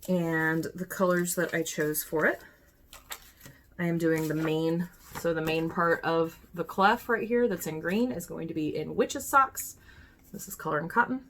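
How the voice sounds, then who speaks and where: A woman's voice: deep voice, a little slow, a bit bright, slight background noise. A woman, chatting casually to her phone camera while showing cross-stitch projects, often correcting herself. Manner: chatty, self-correcting, talks to herself while handling items. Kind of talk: casual show-and-tell chat.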